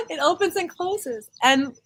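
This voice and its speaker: A woman talking as a guest in a casual conversation, chatty and expressive and often laughing as she speaks. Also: very high-pitched, takes it slowly, rough recording.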